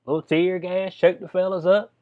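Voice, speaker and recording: Over a dull, lo-fi recording, a man with a high-sitting voice speaks at a moderate pace with little movement in pitch. He's a video commentator reading a letter aloud, responding in a relaxed drawl and calling the listener "bud."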